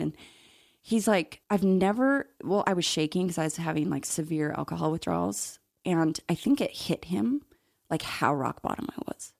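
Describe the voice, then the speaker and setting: A woman's voice: lowish voice, vocal fry, darkish tone, no echo, studio quality. A middle-aged woman, an interview guest, telling her personal story in a candid, reflective way with occasional laughs.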